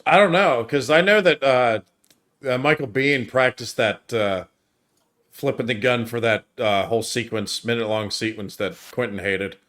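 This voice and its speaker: A man co-hosting a casual film review chat, retelling scenes in an animated way with frequent restarts and fillers. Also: mid-range voice, moderate pace. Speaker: film review podcast co-host.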